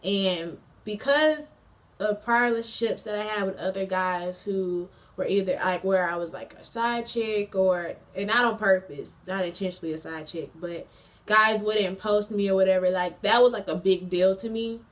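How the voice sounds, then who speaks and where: A woman's voice: medium pitch, normal speed, distant mic. A young woman in her twenties, a college student, telling a casual storytime vlog with lots of fillers, slang and bursts of laughter. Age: 20s. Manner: chatty, slangy, frequent fillers; animated, laughs mid-story.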